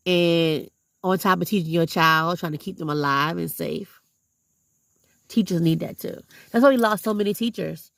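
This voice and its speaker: Woman vlogger, gravelly fry, dry close sound, blunt and preachy. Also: fairly low pitch, normal speed, no echo. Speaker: vlogger and substitute teacher. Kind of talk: heartfelt casual vlog monologue.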